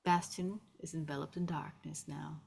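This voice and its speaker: A woman reading the stage directions in a table read, with steady, descriptive narration. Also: sits low, normal speed, creaky, breathy edge.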